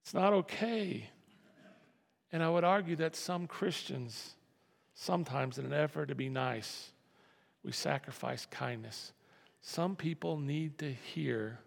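A man's voice: a little high, animated, measured pace, creaky. A man preaching a sermon as pastor, talking in a conversational way that repeats and restarts phrases. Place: church sanctuary. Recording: long reverb of a hall.

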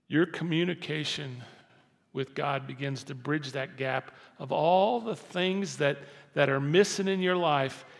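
An older man preaching a sermon as pastor, dropping to soft intimate lows and rising to loud emphatic lines. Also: gravelly. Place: church sanctuary. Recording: long hall reverb.

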